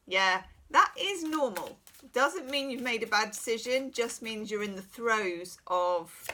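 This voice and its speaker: A woman's voice: fairly high pitch, lively intonation, unhurried, bright, forceful tone. Chatty woman giving a tarot reading. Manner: chatty, frank, reassuring, many asides. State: losing her voice. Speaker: tarot reader. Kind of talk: private tarot reading, casual advice.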